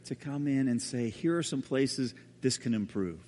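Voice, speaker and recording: A man's voice: medium pitch, expressive, moderate pace. Dramatic male preacher in an echoing hall. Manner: dramatic storytelling, dropping to hushed tones. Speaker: pastor. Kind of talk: sermon. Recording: reverberant hall.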